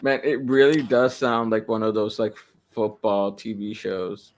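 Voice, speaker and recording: A man's voice: on the low side, measured pace, slight background noise. A man from Illinois hosting a casual podcast chat, loose and joking, with some swearing. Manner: relaxed, swearing, laughing banter. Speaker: podcast host.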